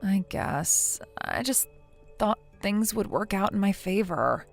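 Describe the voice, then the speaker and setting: A woman's voice: mid-range voice, expressive, takes it slowly, creaky, soft background music. A woman voicing a self-pitying young wife in a text-message story, pleading and defensive. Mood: dejected.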